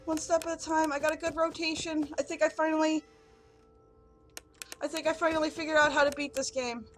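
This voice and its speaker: A woman's voice: high voice, flat delivery, fairly quick, a bit bright, soft background music. A woman doing horror game commentary, jittery and swearing constantly as she pleads with the game. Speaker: gaming youtuber.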